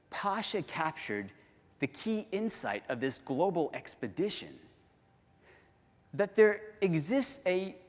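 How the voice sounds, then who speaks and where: Male keynote speaker, lively storytelling delivery, hall reverb. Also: mid-range voice. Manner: animated, addresses the audience directly. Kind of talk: storytelling conference talk. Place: large conference hall.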